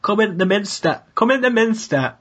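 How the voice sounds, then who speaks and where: A man's voice: high-pitched, animated, normal speed, a bit bright, highs cut off. A man putting on a broad York accent, voicing a chatty local man from York. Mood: jokey. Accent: Yorkshire, put on. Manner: exaggerated impression of a local accent.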